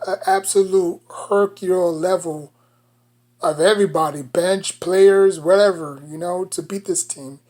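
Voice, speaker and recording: Speaking in a lowish voice, a New York-accented woman vlogs about basketball in a casual, rambling way, leaning on "you know" as she moves between thoughts.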